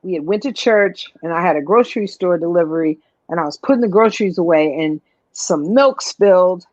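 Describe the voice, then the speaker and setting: Animated storytelling woman, dull radio sound. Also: on the low side, fairly quick, no echo. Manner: animated storyteller, calls the listener honey. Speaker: guest. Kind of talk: casual radio conversation.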